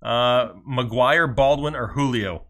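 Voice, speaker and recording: A man co-hosting a casual live stream. He reads viewer questions aloud in quick runs and slips in dry jokes, with an easygoing chatty rhythm. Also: mid-range voice, a bit bright. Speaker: fantasy football show co-host.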